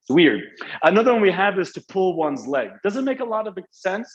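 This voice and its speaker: A man's voice: sits high, big pitch swings, brisk, muffled recording. A man teaching an English class live online, in a casual, joking, slangy way. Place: Dubai.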